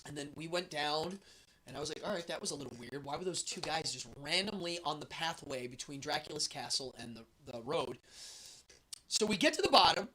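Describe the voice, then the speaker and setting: A man's voice: fairly high pitch, lively intonation, brisk, pushed and bright. A man hosting a show, telling a travel story in a casual, rambling way with many fillers.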